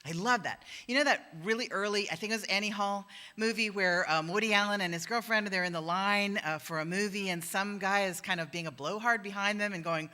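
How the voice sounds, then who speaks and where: A woman minister preaching in a church with a bright, clear tone. Her sermon is loose and conversational, and she slips into the voices of the people she quotes. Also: mid-range voice, brisk, few pauses. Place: church sanctuary.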